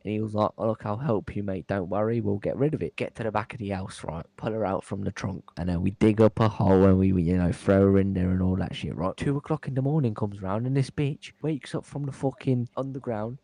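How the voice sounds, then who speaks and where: A man's voice: lowish voice, fairly quick, creaky, few pauses, dark tone, dry recording. A man telling a crude, swaggering tall tale and checking in with "yeah?" and "right?". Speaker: stranger on a video chat.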